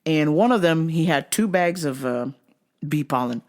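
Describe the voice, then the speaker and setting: A woman's voice: low-pitched, animated, moderate pace, darkish tone. A woman hosting a show, telling work stories in a casual, exasperated, heavily profane way. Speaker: host. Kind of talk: casual comedic storytelling.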